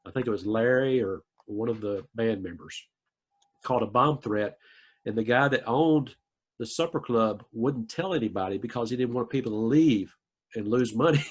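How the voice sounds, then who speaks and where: A podcast host with a mid-range, slightly rough voice chats casually at normal speed. He laughs along and jumps in to finish stories.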